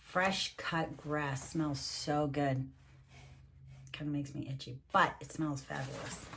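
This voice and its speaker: A woman's voice: low voice, measured pace, gravelly, a bit bright, breathy edge. An older woman, a grandmother, reading a picture book aloud with chatty asides and frequent laughs, her voice swooping up when she reads the story.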